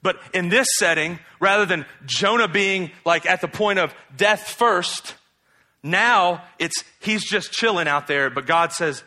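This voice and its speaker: A man delivers a sermon in a loose, conversational way, asking his listeners rhetorical questions. His voice sits a little high and sounds bright. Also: measured pace. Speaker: preacher. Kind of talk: expository sermon.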